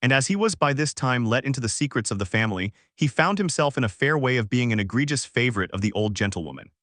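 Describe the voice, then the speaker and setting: A man narrating a classic novel in an audiobook with a steady, formal reading. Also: medium pitch, fast, no echo, clean studio sound.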